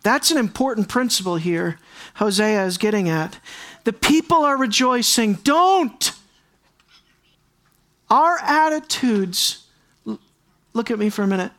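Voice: medium pitch, lively intonation, moderate pace, a bit bright. Emphatic preacher asking pointed questions. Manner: emphatic, repeats key lines, asks the listeners questions. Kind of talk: expository sermon.

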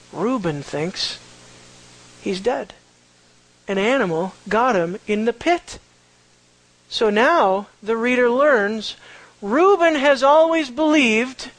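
A man preaching a verse-by-verse Bible teaching, animated and conversational, full of rhetorical questions. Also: high-pitched, dry recording, poor audio.

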